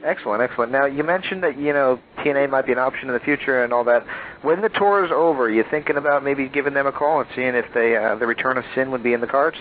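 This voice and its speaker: Male interview host on a phone line. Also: mid-range voice. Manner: friendly questioner, halting restarts. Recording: tinny phone line with faint hiss.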